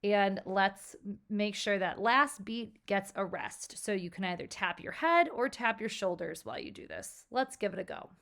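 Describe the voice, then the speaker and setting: A woman's voice: mid-range voice, animated, moderate pace, creaky, a bit bright. A woman teaching a children's music lesson. She speaks encouragingly and chants rhythm syllables for the class to clap along.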